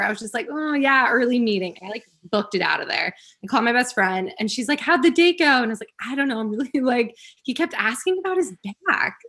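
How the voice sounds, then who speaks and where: Husky-voiced woman telling a story. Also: on the high side. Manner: animated storytelling, quotes herself, giggles. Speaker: podcast guest. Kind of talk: casual storytelling chat.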